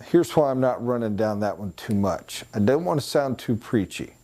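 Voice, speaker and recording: Man, mellow warm voice, sales trainer, casual lecture, playful voice imitations. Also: medium pitch, animated, normal speed. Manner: conversational, mimics accents and voices for illustration.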